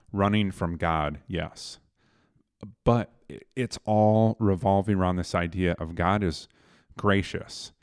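A man with a very low voice retells a Bible story in a casual group chat. His delivery is animated, and he puts scripture into everyday words. The sound is dry and close. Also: dry recording. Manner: animated retelling, paraphrasing scripture in plain speech.

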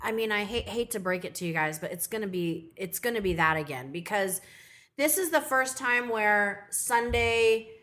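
Bright-voiced woman co-host, swearing freely. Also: medium pitch, expressive, normal speed. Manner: frank, heavy swearing, laughing. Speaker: podcast co-host. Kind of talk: casual chat.

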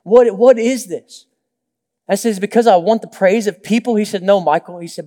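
A man's voice: sits high, a little fast, dark tone. A young adult male pastor preaching a sermon, telling stories with acted-out quotes and joking asides. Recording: long reverb of a large hall.

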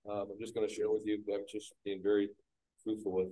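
A man, a guest business owner, frankly telling his own story on a podcast panel at a live event, getting animated when he acts out scenes. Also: on the low side, quick pace, poor audio. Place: live industry training event.

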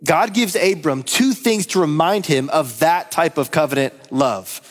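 Man preaching, higher voice, reverberant hall. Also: a little slow. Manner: addresses listeners with repeated questions. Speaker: pastor. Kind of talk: sermon. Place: church sanctuary.

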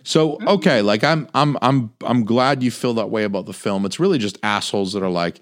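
A man's voice: on the low side, fairly quick, few pauses. A young man in casual film chat, swearing freely and slipping into mocking voices. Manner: animated, profane, does mocking voices.

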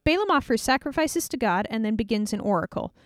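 A woman tells Bible stories in a chatty, playful way, with quick jokes along the way. Her fairly high voice moves up and down a lot. She sounds close and dry. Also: lively intonation, dry recording. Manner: chatty, playful, wry asides. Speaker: Bible teacher. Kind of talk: casual Bible story retelling.

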